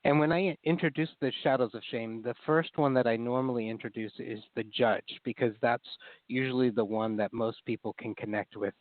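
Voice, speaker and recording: A man's voice: medium pitch, steady tone, a little fast, dry recording, phone-quality sound. A man speaking as a therapist guest in an interview, explaining ideas in an earnest way and acting out inner critical voices.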